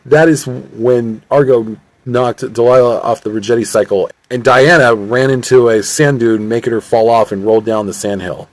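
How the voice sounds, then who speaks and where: Man narrating an amateur audiobook, stilted reading, mid pitch, dry close sound. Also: fairly even intonation, moderate pace, no room sound, poor audio.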